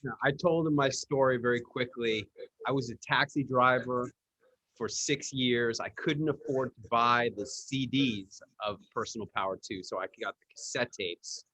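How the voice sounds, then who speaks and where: A man's voice: medium pitch, moderate pace, pushed and bright, dry recording. A male host interviewing a guest, eagerly sharing a personal story.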